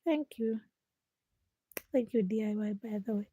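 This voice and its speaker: A woman's voice: a little high, unhurried, dark tone. A young woman chatting to her live stream viewers at night while doing chores, sometimes dropping to a whisper. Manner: chatty, talks to viewers while busy, drops to whispers at times. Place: home at night.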